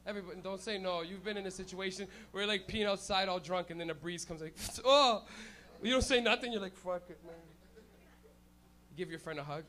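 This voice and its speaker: A male comedian from Canada hosting a club show, telling crude, animated stories with loud shouted bits. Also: high-pitched, fast talker, hardly any pauses. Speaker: stand-up comedian and host. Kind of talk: stand-up comedy set.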